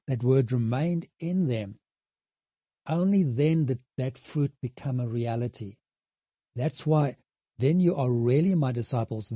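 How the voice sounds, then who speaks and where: A man preaching a sermon, earnest and halting, with many restarts and emphatic repetition. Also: medium pitch, mellow, no echo, highs cut off. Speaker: pastor.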